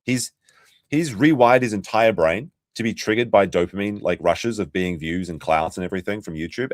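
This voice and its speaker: A man's voice: fairly low pitch, moderate pace, no room sound, clean studio sound. A man hosting a casual commentary stream, ranting and swearing freely. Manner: profane, ranting. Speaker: stream host.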